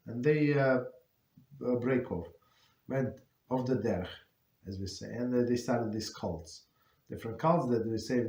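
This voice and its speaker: Man teaching, halting, in an echoey room. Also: medium pitch, dark tone. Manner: halting, many fillers and restarts. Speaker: rabbi teaching a class. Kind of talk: informal Torah class.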